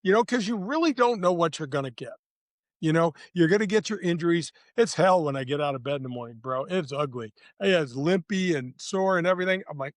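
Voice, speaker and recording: A man in his sixties from St. Louis, a former tour golfer telling lively, slangy stories as a podcast guest. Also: fairly high pitch, brisk, dry recording, studio quality. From St. Louis, USA. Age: 60s. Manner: lively, slangy, addresses the host directly. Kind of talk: casual anecdotal storytelling.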